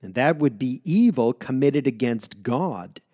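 A man reading scripture aloud and pausing to explain it, leaning on key words with measured emphasis. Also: medium pitch, expressive, warm tone, dry recording, studio quality. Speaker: Bible teacher. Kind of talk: Bible reading with commentary.

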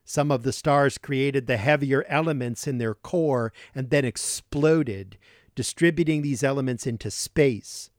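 A man hosting a Christian radio broadcast, delivering a scripted Bible teaching in a deliberate way and slowing down to stress key words. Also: mid-range voice, dry recording, studio quality.

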